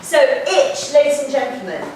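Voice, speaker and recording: A woman runs a drama class and gives brisk, practical notes to her students. She is picked up from some distance in a very echoey classroom, with a faint hiss of noise underneath. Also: sits high, sing-song. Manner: brisk and directive, quick instructions. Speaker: drama teacher. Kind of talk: classroom feedback session.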